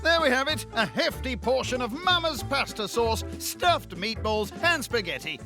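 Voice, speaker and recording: A man narrating a cooking competition in a dry, deadpan voice-over full of sarcastic quips. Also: very high-pitched, normal speed, music in the background.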